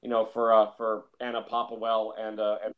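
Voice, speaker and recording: A man's voice: lowish voice, monotone, fairly quick, a crowd in the background. A man talking casually about films, rambling and repeating himself with lots of fillers. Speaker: film reviewer. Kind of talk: casual film discussion.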